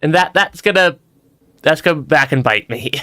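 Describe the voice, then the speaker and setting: A man's voice: a little high, lively intonation, normal speed, pushed and bright, no echo, clean studio sound. A young man giving casual let's-play commentary, stammering and restarting often and laughing between remarks. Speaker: streamer.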